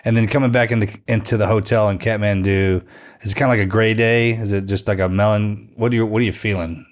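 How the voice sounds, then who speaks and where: A man's voice: lowish voice, fairly even intonation, fast. A man co-hosting a podcast, chatting casually and throwing in teasing jokes. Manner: joking, teasing interjections. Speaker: podcast co-host. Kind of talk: casual interview chat.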